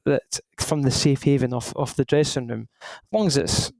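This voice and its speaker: Speaking at a moderate pace in a mid-range voice with vocal fry, this thirty-something man from Scotland, a former footballer, tells relaxed, rambling stories on a casual podcast, often starting over. The recording is low quality, with no room sound.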